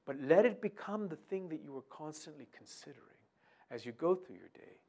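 A man preaching a sermon in an earnest way, quoting scripture softly and often dropping to a near whisper for emphasis. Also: on the high side, animated, brisk. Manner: swings between soft quoted verses and louder urging.

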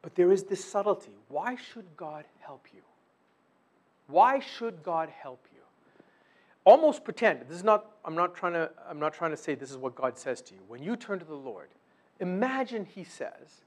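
A man preaching a sermon, swinging between loud emphatic bursts and soft drops, and acting out imagined prayers and voices. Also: high voice, sing-song, normal speed. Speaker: pastor.

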